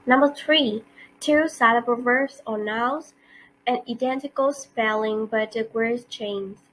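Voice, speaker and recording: A woman giving a class presentation, reading carefully and slowly with some non-native grammar slips. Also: a little high, fairly bright tone, rough recording. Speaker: student presenter. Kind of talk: class presentation on word stress.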